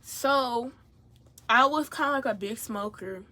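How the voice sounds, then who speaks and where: A woman's voice: on the high side, measured pace, bright, forceful tone. Profane young woman telling a storytime. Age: young adult. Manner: talks while doing her makeup. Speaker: beauty vlogger. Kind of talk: get-ready-with-me storytime.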